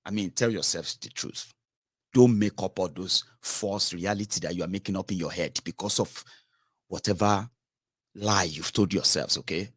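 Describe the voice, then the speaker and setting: Lecturing man, lower voice. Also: a bit bright, slightly rough, dry recording, studio quality. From Nigeria. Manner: lecturing, scolding the audience. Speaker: political commentator host. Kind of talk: opinionated monologue.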